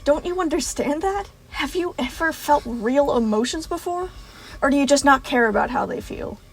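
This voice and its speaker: A woman's voice: sits high, lively intonation, normal speed, a little hiss or hum, voice pushed up. A woman voicing a cruel, mocking female tormentor who scolds with contempt, in a fan audiobook reading. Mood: scolding.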